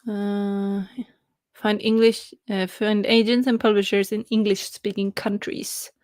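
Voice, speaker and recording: A young woman from Norway hosts a relaxed writing stream, chatting with viewers at an unhurried pace. She laughs often and pauses on fillers as she reads the chat aloud. Her voice sits close and dry, with no room sound around it. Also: medium pitch, no echo. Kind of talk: casual live-stream chat.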